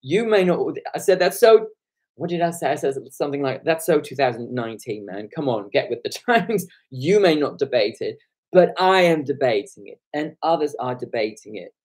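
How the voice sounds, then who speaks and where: A hoarse man talking on a live stream, retelling an encounter with animated, indignant energy. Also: medium pitch, fairly quick. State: hoarse from shouting. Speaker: online commentator.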